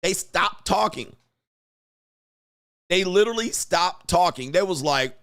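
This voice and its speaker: A man hosting a commentary vlog, talking in a profane, animated way and acting out quotes. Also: high voice, measured pace, creaky, long pauses. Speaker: host.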